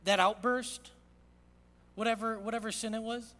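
Man, pastor, high voice, earnest sermon delivery, big echoing sanctuary. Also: steady tone, moderate pace. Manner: earnest, swings from loud emphasis to hushed quiet. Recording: long reverb of a large hall.

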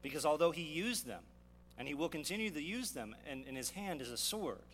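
A man's voice: fairly high pitch, animated, fairly quick, a bit bright. A male pastor preaching a sermon, teaching verse by verse with rhetorical questions and frequent restarts. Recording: long reverb of a hall, faint hum.

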